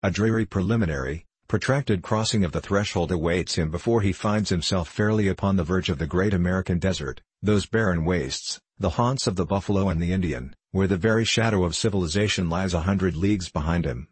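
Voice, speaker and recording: A man reading a classic travel memoir aloud as an audiobook narrator, in a measured, even storytelling manner. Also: deep voice, slightly rough, no echo. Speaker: audiobook reader.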